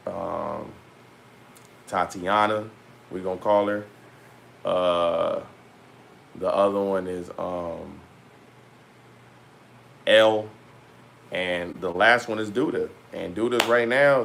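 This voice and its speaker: A man talking casually to his viewers as a vlogger, loose and rambling with slang and frequent pauses. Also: deep voice, creaky, fairly bright tone, slight background noise. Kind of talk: casual talk to camera.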